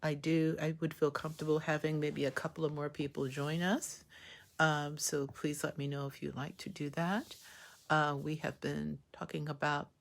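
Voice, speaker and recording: A woman's voice: deep voice, flat delivery, moderate pace, creaky. A woman hosting a live reaction to a TV episode, talking emotionally and exclaiming at each scene. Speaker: show reaction host.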